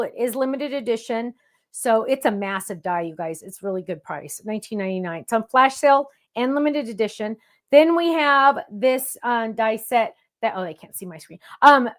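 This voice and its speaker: A middle-aged woman hosting a craft show, chatting casually in a bubbly, gushing way. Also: a little high. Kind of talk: casual livestream chat.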